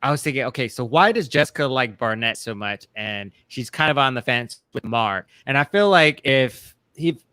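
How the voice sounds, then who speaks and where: A man's voice: medium pitch, expressive, moderate pace, few pauses, bright, forceful tone, clear, resonant tone. A man co-hosting a casual TV recap chat, rambling with many fillers and restarts. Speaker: co-host.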